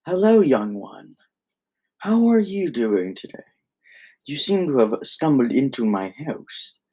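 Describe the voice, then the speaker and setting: A man voicing a kindly old grandfather swordsman who speaks slowly and formally. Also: mid-range voice, big pitch swings, mellow, husky, pitched above the performer's own voice, heavily acted. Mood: welcoming.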